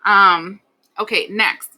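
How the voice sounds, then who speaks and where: Bright, animated woman reading tarot. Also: medium pitch, slow pace. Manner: blunt, animated, swears, acts out the listener's complaints. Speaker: tarot reader.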